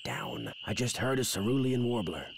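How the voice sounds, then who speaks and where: A man playing a grumpy, dry-witted male birdwatcher in an adventure game, speaking in clipped, sardonic lines. His middling-pitched voice sits over clear night ambience of crickets and insects in the game audio. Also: lively intonation, normal speed, noisy background, natural voice. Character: gruff, curt male birdwatcher who dislikes tourists.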